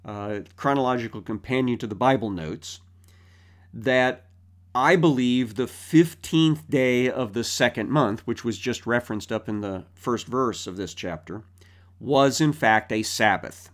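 A man's voice: medium pitch, measured pace. A man teaching through a Bible passage verse by verse, explaining in a thoughtful way with frequent fillers.

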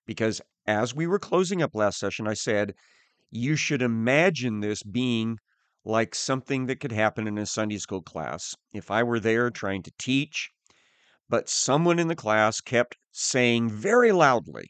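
A man preaching a sermon, teaching slowly and deliberately with pauses. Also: medium pitch, animated, dry recording.

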